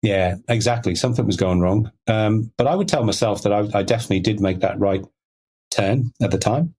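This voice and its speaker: Brief: middle-aged man, lowish voice, chatty interview guest, loose and rambling. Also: darkish tone. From Liverpool, England. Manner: rambling, many "you know" fillers. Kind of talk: conversational storytelling.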